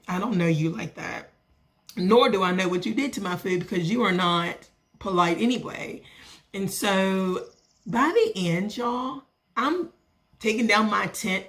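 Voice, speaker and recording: Animated woman telling a story. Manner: animated, acts out other people's lines with lively pitch jumps. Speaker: vlogger and small business owner. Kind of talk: casual storytelling rant to camera.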